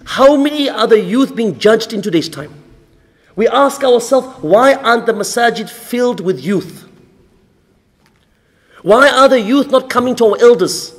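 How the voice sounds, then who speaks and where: A high-pitched man delivers a mosque sermon, stacking rhetorical questions and repeating key lines. His voice carries a long reverberant tail from the mosque hall. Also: lively intonation, unhurried. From Australia. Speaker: sheikh giving a mosque lecture.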